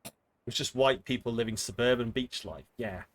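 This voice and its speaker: A man's voice: mid-range voice, moderate pace. A man chatting casually with viewers while streaming a game, rambling and swearing freely. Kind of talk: casual live-stream chat while gaming. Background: game music.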